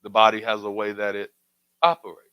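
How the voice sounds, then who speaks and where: A man's voice: fairly low pitch, monotone, fairly quick, clear, resonant tone, no echo, highs cut off. A man hosting a community talk show, speaking in a preacherly way with rhetorical questions and building emphatic refrains. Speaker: radio show host. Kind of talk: community talk radio commentary.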